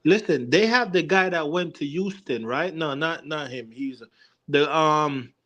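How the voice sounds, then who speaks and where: A young man argues basketball in a casual show, his voice sitting a little high. He talks in looping, emphatic bursts, restarting and pressing on to hold the floor. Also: unhurried, fairly bright tone. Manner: emphatic, rambling, keeps repeating "listen". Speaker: co-host. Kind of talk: casual sports debate.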